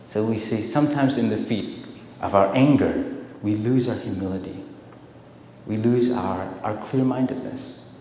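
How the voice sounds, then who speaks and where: A man gives a dharma talk full of stories, often restarting and repeating words. His voice sits low, and a long reverb trails it around the temple hall. A faint hiss sits behind. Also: unhurried. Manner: storytelling, warm-hearted, repeats words. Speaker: dharma speaker.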